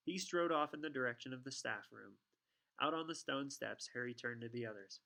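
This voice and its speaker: A man's voice: medium pitch, fairly quick, creaky, pushed and bright. Man reading a storybook aloud. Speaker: audiobook reader. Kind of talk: storybook narration.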